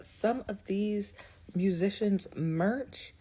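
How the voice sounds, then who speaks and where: A woman's voice: medium pitch, takes it slowly, heavy background noise. A young woman giving blunt, sarcastic opinions in a casual monologue, swearing freely. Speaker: video commentator.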